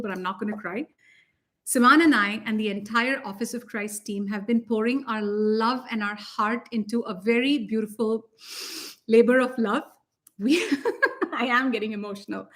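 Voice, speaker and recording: A woman co-hosting a spiritual talk, gushing with excitement and laughing often. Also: fairly high pitch. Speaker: spiritual teacher and co-host. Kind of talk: casual chat.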